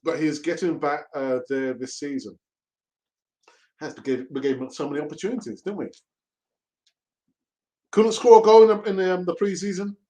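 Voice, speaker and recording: A man's voice: a little high, normal speed, pauses often, dark tone. A man hosting a casual live stream, reading chat messages aloud, laughing and mockingly acting out pleading voices. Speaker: host of a fan channel reading live chat.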